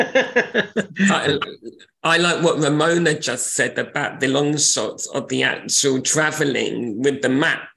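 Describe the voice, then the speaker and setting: A man's voice: fairly high pitch, slow pace, gravelly, sharp tone, low-quality recording. A man, chatting enthusiastically and a little ramblingly as a podcast co-host. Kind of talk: casual chat.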